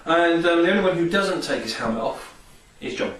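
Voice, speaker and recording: A male vlogger chats casually and enthusiastically about his favourite film scenes in a casual film and game review, rambling with plenty of fillers. His voice sits on the high side, expressive and fairly quick with a fairly bright tone. The mic is distant and off-mic in an echoey room, with a faint hiss.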